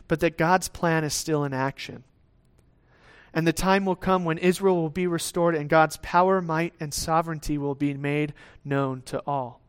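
A pastor with a slightly high, smooth voice preaches conversationally, often checking in with listeners and acting out little exchanges with God. He uses tag questions and restarts some phrases.

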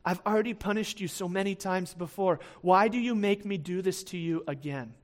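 A man's voice: sits high, normal speed, natural voice. A man voicing God as an exasperated, disappointed parent scolding a wayward people. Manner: pleading, disappointed.

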